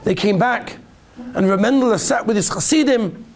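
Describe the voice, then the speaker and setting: A man, a rabbi, giving a sermon and telling stories feeling, his voice rising and falling. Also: normal speed. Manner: emotional storytelling, pitch rising and falling widely.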